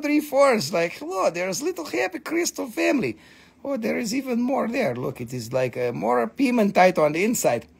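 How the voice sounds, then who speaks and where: A man hosting a live crystal sale, chatting in an excitable, joking way and swearing casually. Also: high-pitched, slightly rough. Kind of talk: live sales stream chat.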